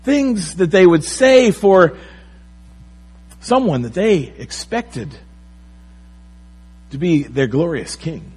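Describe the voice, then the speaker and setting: Pastor, male, husky voice, slow unhurried delivery, sermon with lively swings in emphasis. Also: fairly high pitch, low-quality recording. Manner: animated preaching, rising and falling emphasis.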